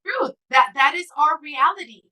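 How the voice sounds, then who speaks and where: Her voice is high-pitched, bright and forceful, moving at a moderate pace, while the audio is poor. She's a woman author from California giving a heartfelt interview answer, storytelling earnestly and emotionally with bits of Spanish mixed in.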